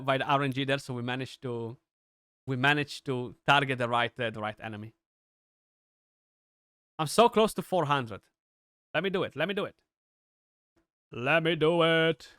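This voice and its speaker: Young man, gameplay commentary, bright forceful voice, dry close mic, excitable and chatty. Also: mid-range voice, smooth, dry recording. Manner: chatty, excitable, many restarts and fillers. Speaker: gaming streamer.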